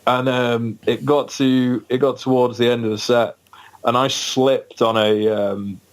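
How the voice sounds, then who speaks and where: Halting, rambling English man. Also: medium pitch, fairly even intonation. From England. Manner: rambling, halting, many fillers and restarts. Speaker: band member guest. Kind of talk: casual podcast anecdote.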